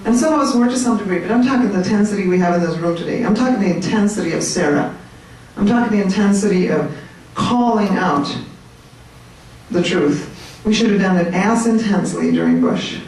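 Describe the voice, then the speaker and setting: A woman giving an animated, chatty talk to a room of people, joking with her audience. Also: mid-range voice, a little fast. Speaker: speaker at a political meetup. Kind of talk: lively speech to a crowd. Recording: echoey room, mic at a distance.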